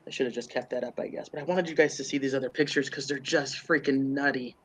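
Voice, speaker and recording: A man's voice: mid-range voice, steady tone, fast talker, a little hiss or hum. A congested man co-hosting a true crime livestream, rambling and thinking aloud with lots of fillers. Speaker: livestream co-host.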